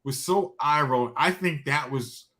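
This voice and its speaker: A man's voice: a little high, a little slow, a bit bright. A man co-hosting a podcast in casual chat, rambling with lots of fillers and venting in exasperation. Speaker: podcast co-host.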